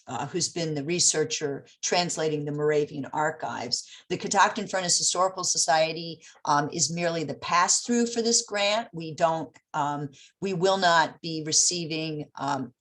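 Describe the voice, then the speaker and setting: A woman giving a virtual presentation, speaking with frequent ums and pauses. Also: low voice. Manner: halting, many fillers. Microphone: video call.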